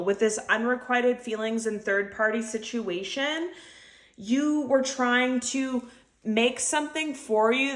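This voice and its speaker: A woman's voice: on the high side, a bit bright. A woman giving an intuitive tarot reading to her viewers, talking in an earnest, emotional way and repeating her phrases. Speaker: tarot reader.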